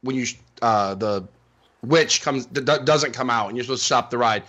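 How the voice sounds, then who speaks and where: A man co-hosting a casual chat and asking curious, halting questions. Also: mid-range voice, a bit bright.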